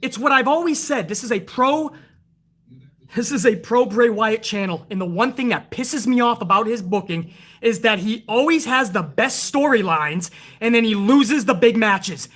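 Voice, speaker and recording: A woman with a bright, forceful voice hosts her own wrestling review channel. She rants at viewers in a loose, heated way and swears constantly. She builds excitement as she retells each moment. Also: on the high side, normal speed. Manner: excitable, retells events with rising energy. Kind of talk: casual profane review rant.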